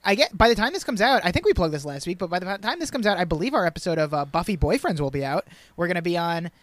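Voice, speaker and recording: A man chats easily on a podcast, voice slightly high for a man. The recording is dry and close, with no room sound. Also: very animated, quick pace, a bit bright, no room sound. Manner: chatty, plugs and recommendations. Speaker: podcast co-host. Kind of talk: casual chat.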